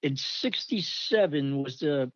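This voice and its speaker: An older man rambles through old army stories and animatedly acts out the people he quotes. His voice sits a touch high. The recording is dull and dry. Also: animated, takes it slowly, no echo. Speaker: storyteller recalling army days. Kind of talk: casual anecdote.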